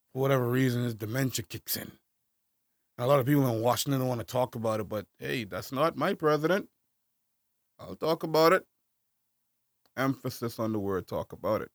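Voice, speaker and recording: A man co-hosting a casual podcast chat, animated and full of slang, ranting hard. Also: mid-range voice, gravelly, no room sound, clean studio sound. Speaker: podcast co-host.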